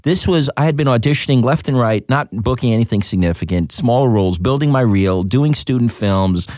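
A man, an actor, telling a story in a casual interview, animated and repeating words as he goes. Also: a little fast, dry recording, clean studio sound. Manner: animated, jumps up in pitch acting out quotes, repeats words. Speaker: actor guest.

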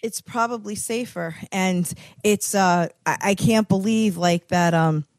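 A woman co-host chats along at a slow, unhurried pace. She answers with short words of sympathy and now and then a teasing line. Her voice is recorded close and dry, with no room sound. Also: mid-range voice, dry recording. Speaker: radio co-host. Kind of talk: casual on-air chat.

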